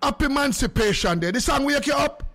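Exuberant high-voiced Jamaican radio host. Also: male voice, expressive, fast, a bit bright. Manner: exuberant, patois-heavy, breaks into sung lines. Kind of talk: lively call-in radio chat.

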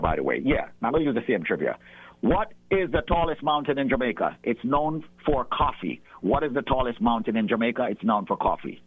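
A man's voice: mid-range voice, husky, dry recording, narrow, tinny audio. A man who runs a credit repair company, giving emphatic, preachy advice on radio and repeating his key lines. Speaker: company owner pitching on radio. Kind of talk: persuasive radio talk.

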